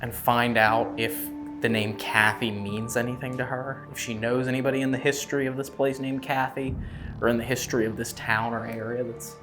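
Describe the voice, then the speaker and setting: A paranormal investigator ghost-hunts in a room of an old haunted house, musing aloud as he questions spirits and laughing easily. Heard over music, his medium-pitched voice moves little in pitch and keeps a moderate pace.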